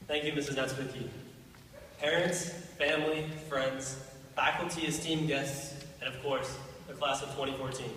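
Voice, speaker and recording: A man's voice: fairly high pitch, normal speed, slight background noise. Teen boy joking through a graduation speech. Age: teens. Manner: dry humor, deadpan jokes. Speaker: graduating student speaker. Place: large hall. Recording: echoey hall from far off.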